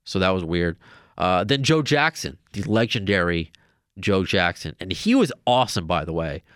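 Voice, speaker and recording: A man's voice: sits low, expressive, moderate pace, a bit bright, no room sound, studio quality. A man hosting a podcast, telling a long story in a casual, rambling way with many restarts. Now and then he raises his voice to act out what others said. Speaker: podcast host.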